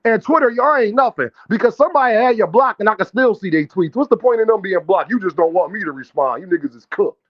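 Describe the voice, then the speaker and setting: A brash, trash-talking male streamer riffs on boxing and calls out his chat with a high-pitched, animated voice. His profane banter sits in dull, lo-fi stream audio. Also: fast, few pauses. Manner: addresses chat directly, calls out viewers. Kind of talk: live-stream boxing commentary.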